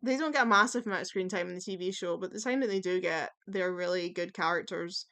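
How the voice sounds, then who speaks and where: A woman's voice: lowish voice, fast talker, sharp tone. A woman talking casually in a tier-list video, chatty and opinionated, with plenty of fillers and the odd swear word. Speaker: YouTube commentator.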